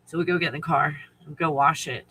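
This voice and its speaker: A man's voice: a little high, fairly even intonation, fast, pushed and bright, husky, rough recording. A man hosting a casual live stream, rambling through stories, laughing often, swearing freely and greeting viewers by name.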